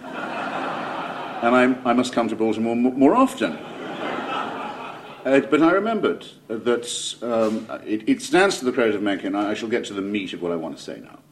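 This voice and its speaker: A man's voice: fairly low pitch, animated, moderate pace, pauses often, a little hiss or hum. A man with an English accent giving a public lecture, wry and digressive, with ironic asides and frequent self-corrections. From England.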